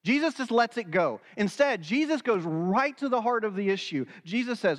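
High-voiced preacher in a reverberant hall. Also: male voice, animated, normal speed, few pauses. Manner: earnest, acts out quoted dialogue. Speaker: pastor. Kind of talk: sermon.

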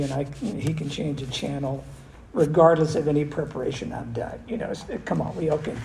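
An older man preaching a conversational sermon as pastor, animated and full of restarts. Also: a little high, creaky. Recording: echoey room with faint noise.

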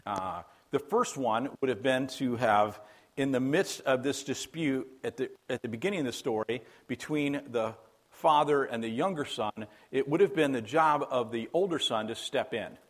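A man's voice: medium pitch, normal speed. A man preaching a sermon as a pastor, in a conversational, emphatic way that repeats key phrases for weight.

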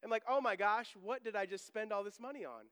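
A man's voice: high-pitched, fast talker, fairly bright tone, clean tone. A middle-aged man preaching as pastor in a church sanctuary, chatty and joking, then bursting into emphatic proclamation. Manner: conversational preaching with humorous asides and emphatic outbursts. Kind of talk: sermon. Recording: long church reverb.

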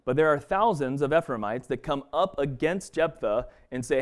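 A man with an expressive, somewhat high voice teaches a Bible passage at a moderate pace. His manner in this casual study is conversational, marked by frequent restarts and fillers.

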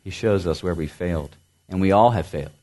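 Male pastor, lower voice, earnest sermon delivery, climbs on emphasis, drops soft at phrase ends. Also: brisk. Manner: earnest preaching, rising emphasis then dropping to soft low endings; repeats words for emphasis.

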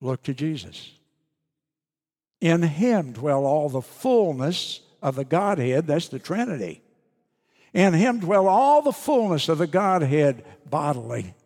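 A man preaching a sermon as pastor, earnest and emphatic with deliberate pauses. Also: on the high side, sing-song, a little mellow, in a large hall.

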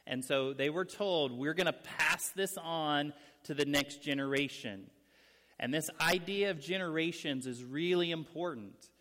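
A man delivers an earnest teaching sermon, his fairly high voice carrying through a church sanctuary. A long reverb trails each phrase as he explains and stresses key words. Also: a bit bright. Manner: earnest, explanatory, speeds up and slows down for emphasis. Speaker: pastor. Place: church sanctuary with young people present.

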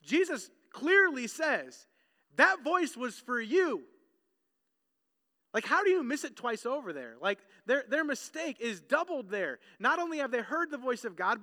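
A man preaching with a strikingly high, bright voice that rings out in a long-echoing hall. He delivers his sermon in an animated way and acts out the crowd's voices as he goes. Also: moderate pace. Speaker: pastor.

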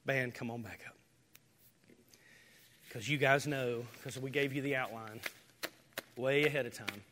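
A male pastor preaching a sermon, rising to loud, impassioned declarations and dropping to near-whispers. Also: medium pitch, measured pace, a little hiss or hum. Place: church sanctuary. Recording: hall reverb.

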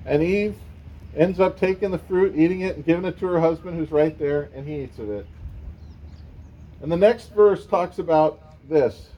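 A man's voice: a little high, normal speed, highs cut off. A man preaching a sermon in a conversational way, with casual asides to the congregation. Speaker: pastor.

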